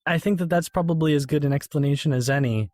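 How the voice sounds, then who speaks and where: A man chatting casually about a film on a podcast, animated, now and then lowering his voice to quote lines. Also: quick pace, no echo, studio quality.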